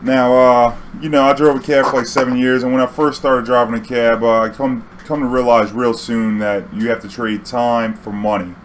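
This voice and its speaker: A man's voice: mid-range voice, fairly even intonation, moderate pace, hardly any pauses, slight background noise, low-quality recording. A man telling a casual storytime vlog, loose and profane, full of "you know"s. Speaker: vlogger.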